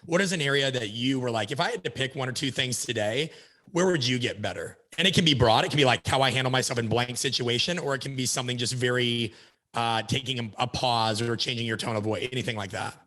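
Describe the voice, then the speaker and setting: A man speaking as a podcast guest, telling stories in an animated, emphatic way and acting out bits of dialogue. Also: medium pitch, fast. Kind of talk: energetic conversational storytelling.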